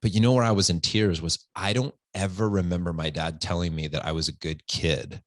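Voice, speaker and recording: A man in his forties, a podcast guest, shares a personal story in a low, brisk voice with no echo. He's earnest and open, sometimes near tears, animatedly acting out the voices of people he quotes.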